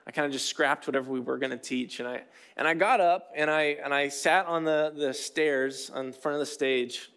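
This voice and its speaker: A man's voice: on the high side, moderate pace, a bit bright, clean tone. A man in his thirties preaching a sermon in a conversational, self-deprecating way, with many fillers and restarts. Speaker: pastor.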